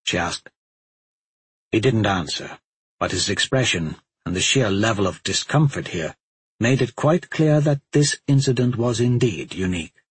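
A man narrating a fantasy novel in a measured storytelling voice. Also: lowish voice, animated, breathy edge, no room sound. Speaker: audiobook narrator.

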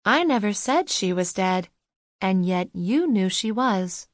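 A woman's voice: mid-range voice, animated, takes it slowly, no room sound, studio quality. A woman voicing a determined young woman who keeps pressing with insistent questions.

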